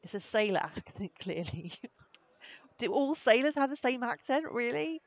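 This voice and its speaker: Lady streamer reading a game out loud, joking little asides, laughs at the dialogue. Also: a little high, big pitch swings, moderate pace, no echo.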